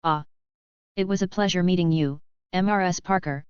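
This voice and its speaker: A woman narrator voicing an excitable middle-aged male doctor, lightly voiced within the narration. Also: on the low side, moderate pace, smooth, no echo, natural voice. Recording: dull lo-fi recording.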